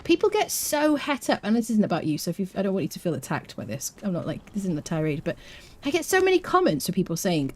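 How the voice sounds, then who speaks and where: A woman's voice: mid-range voice, huge pitch swings, fast talker. A woman streaming a survival game, chatting playfully with her viewers and laughing often. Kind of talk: live game commentary.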